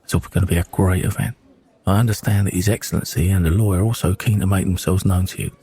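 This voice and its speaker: A man's voice: low voice, steady tone, quick pace, warm tone, natural voice. A man voicing a poised, businesslike Russian woman hostess with a Russian accent, polite and formal. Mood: gracious. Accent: Russian, as put on.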